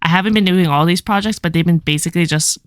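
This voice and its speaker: Young woman podcast co-host, fast animated casual chat, dry close sound. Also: lowish voice, no echo. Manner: fast, animated storytelling with lots of "like".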